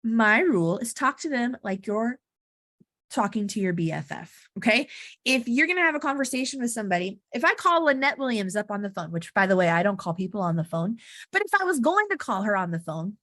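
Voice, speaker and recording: Very animated and brisk, this woman's mid-range voice sounds a bit bright as she dispenses casual marketing advice to camera. A marketing coach in a talking-head vlog, she's chatty and blunt, full of asides, and the clean studio audio has no room sound.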